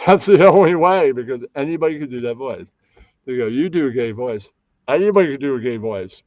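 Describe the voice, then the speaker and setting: A man's voice: a little high, lively intonation, fairly quick, no room sound, muffled recording. A man hosting a casual live stream, rambling and often losing track of names. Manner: rambling, loses names, puts on mocking voices. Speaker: stream host.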